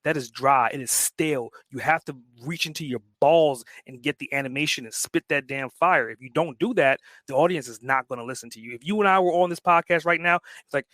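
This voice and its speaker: A man talking on a podcast as an entrepreneur guest, emphatic and blunt, swearing freely and picking up speed when excited. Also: mid-range voice, a little fast, few pauses, dry recording. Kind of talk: casual podcast conversation.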